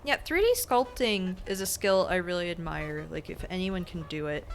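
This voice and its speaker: A woman's voice: lowish voice, expressive, normal speed, a little hiss or hum. A young adult woman streaming a game, chatting casually in a rambling, self-conscious, giggly way. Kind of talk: casual gaming stream chat.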